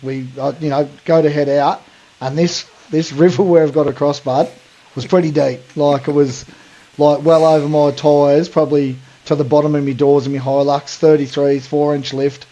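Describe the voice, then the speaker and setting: A man's voice: fairly high pitch, level tone, moderate pace, mellow, dull audio. An Australian man hosting a podcast, telling a long story in a rambling, slangy way full of fillers. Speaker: podcast host. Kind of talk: casual storytelling.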